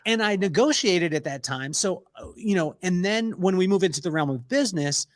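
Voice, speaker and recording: A middle-aged podcast guest tells his story briskly in a high voice, laughing a lot and acting out whoever he quotes with lively energy. It's casual interview storytelling, recorded close and dry with no room sound at all.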